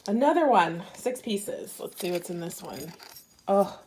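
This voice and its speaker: A woman's voice: mid-range voice, lively intonation, a little slow, a little mellow, slight background noise. A woman from Arizona chatting casually through an unboxing for her viewers, gushing and giggling as she talks. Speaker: bead crafting vlogger.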